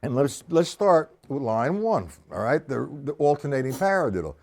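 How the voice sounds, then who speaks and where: A man's voice: medium pitch, very animated, normal speed, gravelly, background noise. Man teaching drums on a live stream. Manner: counts and calls sticking aloud, explaining step by step. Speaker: drum teacher. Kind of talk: live-streamed drum lesson. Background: drum kit playing.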